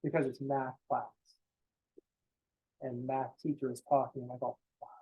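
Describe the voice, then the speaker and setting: A man's voice: medium pitch, little pitch movement, unhurried, breathy edge, muffled recording. A young man teaching a college math class in a casual, blunt way, swearing freely and making joking asides to his students. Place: classroom, also streamed online.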